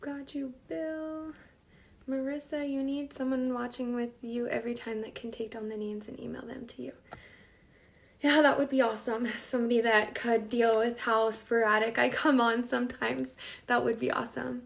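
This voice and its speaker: A woman with a bright, high voice hosts a live cooking stream from her home kitchen. She chats loosely with viewers, reads their names aloud and talks to herself as she works. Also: steady tone, moderate pace, vocal fry. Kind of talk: casual live-stream chat while cooking.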